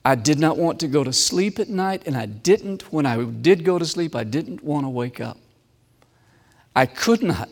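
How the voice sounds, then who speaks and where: A man preaching a sermon with personal testimony, swinging from loud emphasis to hushed, slow, repeated phrases. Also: on the high side, animated, in a large hall.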